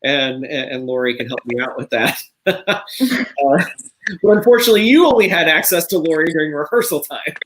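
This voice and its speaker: A man's voice: fairly high pitch, lively intonation, a little fast, a bit bright, a little hiss or hum. A man hosting a casual online cast reunion, friendly and often repeating words as he restarts a sentence. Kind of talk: casual interviewing chat.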